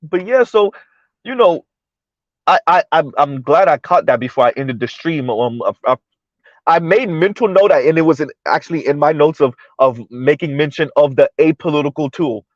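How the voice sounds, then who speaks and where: A man's voice: fairly high pitch, expressive, moderate pace, dry recording, muffled recording. A man hosting a livestream of political commentary, talking emphatically and checking in with the audience by asking "right?" again and again. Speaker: livestream host.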